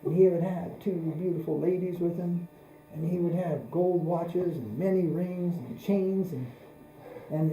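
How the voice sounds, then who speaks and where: A man gives a religious lecture, telling anecdotes in a measured, repetitive way. His voice is very dark and mellow. The recording is roomy and echoey, with a mains hum underneath. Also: sits high. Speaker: spiritual teacher. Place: lecture room.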